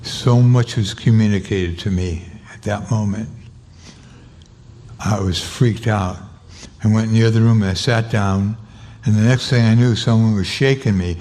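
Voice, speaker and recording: Older guy telling a story, acts out the quotes, jumps way up in pitch on them. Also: measured pace, darkish tone. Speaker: interview guest. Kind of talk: storytelling anecdote.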